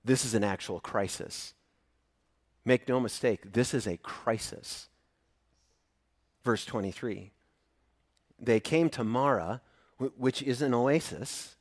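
A man preaching a sermon, animated, acting out the voices of the people in his story with loud bursts. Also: medium pitch, takes it slowly, pauses often, dry recording, studio quality. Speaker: pastor.

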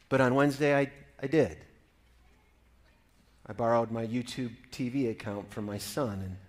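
A middle-aged man preaching a sermon, with quiet, reflective stretches that build into loud, emphatic exhortation. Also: lowish voice. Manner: swings between hushed storytelling and rising emphatic preaching. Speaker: pastor.

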